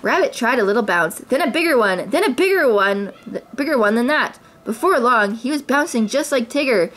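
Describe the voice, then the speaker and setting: A woman reads a children's storybook aloud. Her narration is clear and expressive, with a somewhat high voice. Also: a little fast. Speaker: parent reading aloud.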